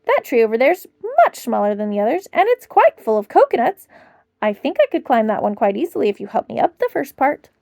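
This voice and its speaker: A woman voicing an eager, excited little boy in a storybook reading. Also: on the high side, a little fast, creaky, no echo, studio quality, voice pushed down.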